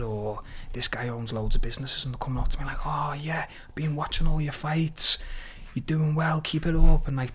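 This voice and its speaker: A man from Liverpool with a Scouse accent, a podcast guest lively retelling his story with quoted dialogue and plenty of swearing. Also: medium pitch. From Liverpool, England. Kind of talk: casual storytelling interview.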